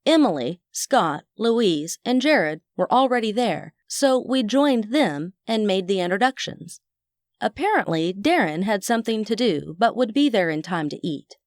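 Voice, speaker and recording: A woman's voice: medium pitch, lively intonation, unhurried, no echo, clean studio sound. A woman narrating a first-person audiobook in a wry, chatty manner.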